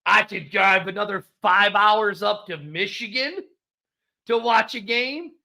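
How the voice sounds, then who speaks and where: A man's voice: sits high, measured pace, vocal fry, bright, forceful tone. A man co-hosting a casual sports talk show, emphatic and repeating his points for stress. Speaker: podcast co-host. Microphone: studio microphone.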